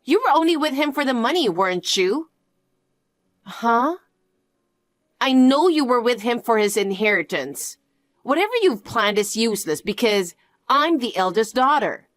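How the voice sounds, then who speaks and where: A woman's voice: a little high, expressive, normal speed, no room sound, lightly acted. A woman voicing a selfish, greedy elder sister with a mocking, dismissive manner in a scripted story. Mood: scornful.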